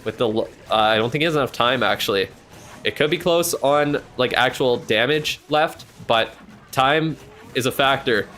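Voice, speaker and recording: A man calling a match live in loose, chatty play-by-play. His voice sits at an ordinary middle pitch, and he jumps on every turn with quick, excited reactions and a casual swear now and then. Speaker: streamer commentating a match.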